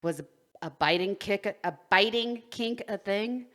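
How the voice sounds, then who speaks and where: A woman's voice: medium pitch, measured pace, a bit bright. A woman co-hosting a podcast, reading a story aloud, stumbling over words and breaking into giggles. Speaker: podcast co-host.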